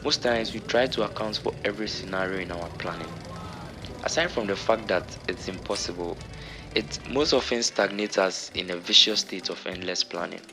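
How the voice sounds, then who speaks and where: Low-pitched male narrator, earnest motivational voice-over, music underneath. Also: normal speed. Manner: earnest, preaching tone. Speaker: vlogger.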